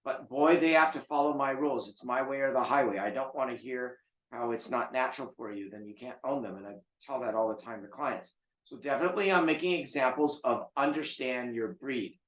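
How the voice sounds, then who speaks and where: A man's voice: medium pitch, brisk, fairly bright tone. Man, dog trainer, blunt, emphatic, lecturing, roomy echo. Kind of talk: casual talk to camera.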